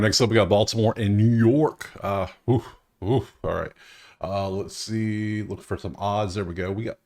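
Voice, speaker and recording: Young male host with a lowish voice for a casual betting breakdown, loose and chatty, thinks out loud. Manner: loose, talking to himself, swears.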